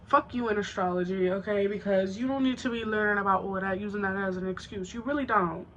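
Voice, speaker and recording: A woman's voice: mid-range voice, steady tone, fast, highs cut off, a little hiss or hum. A young woman vlogger telling a storytime, blunt and profane, acting out both sides of an argument. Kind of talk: storytime vlog.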